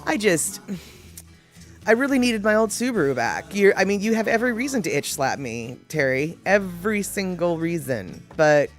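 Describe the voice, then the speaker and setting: A woman's voice: on the low side, very animated, normal speed, soft background music. A woman hosting a casual live show, chatting with viewers in a self-deprecating, opinionated way. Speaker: live show host answering viewer comments. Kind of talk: casual chat.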